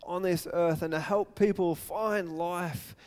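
A man's voice: high voice, fairly even intonation, slow pace, darkish tone. A male pastor preaching an earnest sermon, retelling a story and acting out its quotes.

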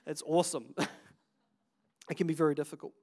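A man with a New Zealand accent preaches a sermon in a lively, chatty way. He is a pastor in his thirties who jokes, laughs and goes off on asides. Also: a little high, brisk.

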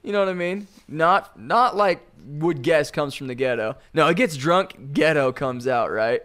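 A man in his thirties, a podcast co-host telling a rowdy anecdote. His voice is smooth and resonant, a little higher than most men's. He laughs often and does the voices of the people in his story. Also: measured pace. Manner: animated storyteller, laughs often, acts out quotes. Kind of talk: casual banter among friends.

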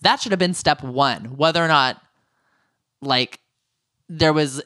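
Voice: medium pitch, unhurried, sharp tone, dry recording, studio quality. A podcast co-host chatting casually and opinionatedly in a reality-TV recap, with jokey asides.

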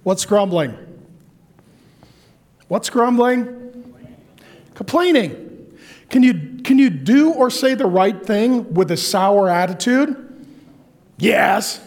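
A man preaching a sermon in a lively, joking way, acting out complaining voices. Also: sits high, slow. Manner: animated, jokey, acts out complaining voices. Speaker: pastor.

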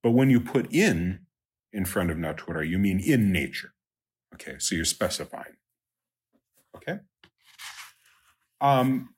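Man, Latin teacher, husky, slow, halting, lots of fillers. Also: sits low, fairly bright tone. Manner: slow, halting, many ums and uhs. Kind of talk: recorded lecture walking through exercises.

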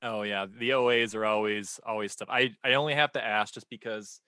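Casting: male podcast host, bright voice, playful and jokey. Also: fairly low pitch, fairly even intonation, fairly quick, clear, resonant tone, no room sound. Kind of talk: casual podcast interview.

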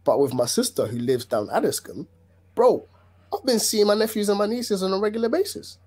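A man's voice: high voice, lively intonation, fairly quick, a little mellow. A man with a London accent, co-hosting a casual podcast chat and talking in an emphatic way that repeats his points. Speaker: podcast co-host.

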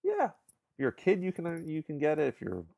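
A man's voice: a little high, brisk, creaky. Laid-back man co-hosting a film podcast. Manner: relaxed, agreeable, wraps up segments. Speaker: podcast co-host. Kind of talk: casual film discussion.

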